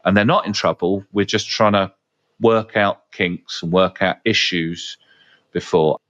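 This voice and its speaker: A man with a low, deep voice speaks in relaxed, conversational storytelling. He is frank and a little salty, with lots of fillers as he thinks aloud on a podcast. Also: unhurried, muffled recording. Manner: frank, swears casually, frequent fillers. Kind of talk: casual conversational anecdotes.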